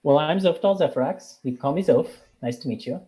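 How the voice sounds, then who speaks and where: A tabletop player chats cheerfully in character in a mellow, warm voice. The talk runs long and upbeat, at an average pitch. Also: a little fast. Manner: cheerful, wordy in-character chatter. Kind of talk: playing a tabletop game.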